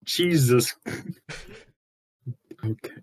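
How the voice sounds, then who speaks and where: A man's voice: medium pitch, very slow, breathy edge, no room sound, low-quality recording. A man playing a tabletop role-playing game, chatting in a casual way. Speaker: player.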